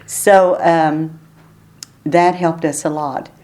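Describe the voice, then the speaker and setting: Older woman, lower voice, chatty stories. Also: fairly even intonation, drawn-out words, darkish tone. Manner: chatty, laughs often while telling stories. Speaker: oral history interviewee. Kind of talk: relaxed storytelling.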